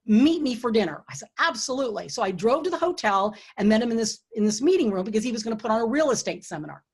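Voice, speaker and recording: A middle-aged woman with a slightly husky voice hosts a launch party over a computer mic. She speaks earnestly and encouragingly, offering leadership advice and telling stories from her own career. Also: on the high side, expressive, fast. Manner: earnest and encouraging, drops to a hushed tone when retelling quiet moments. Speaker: author and host of a book launch. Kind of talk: online event talk with storytelling. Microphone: computer or webcam mic for an online event.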